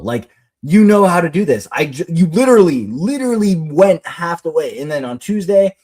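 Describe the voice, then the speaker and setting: A man in his thirties with an American accent, co-hosting a casual podcast and telling expressive stories about his daughters. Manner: expressive storyteller, swings high when quoting, laughs easily. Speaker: podcast co-host. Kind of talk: casual chat.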